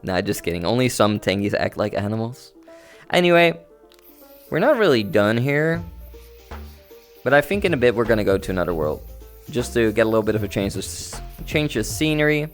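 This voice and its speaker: Playing in VR on a home livestream, a man with a lowish, sing-song voice talks briskly. He rambles casually with his chat, with faint music in the background.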